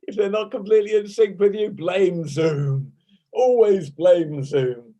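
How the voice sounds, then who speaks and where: Over a video call from his home desk, a high-pitched, dark-toned British man leads laughter yoga at a measured pace. His playful, chatty talk and bursts of laughter come through a desk microphone in a rough recording.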